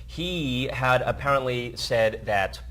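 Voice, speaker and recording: A man of ordinary pitch co-hosts an entertainment news show in a loose, casual chat. He rambles through the headlines, stumbles into restarts and fillers, and breaks off to joke with his co-host. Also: slow pace, fairly bright tone.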